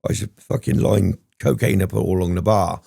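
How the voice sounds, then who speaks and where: A man's voice: low-pitched, fairly even intonation, fairly quick, gravelly, mellow, slightly rough, no room sound, studio quality. A man telling his story as a podcast guest, rambling and swearing often, with frequent ums. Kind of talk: candid storytelling interview.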